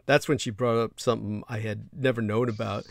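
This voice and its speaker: A man's voice: fairly low pitch, fairly even intonation, fairly quick, gravelly, no room sound, clean studio sound. A man hosting a livestream in casual chat, joking and laughing often. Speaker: livestream host.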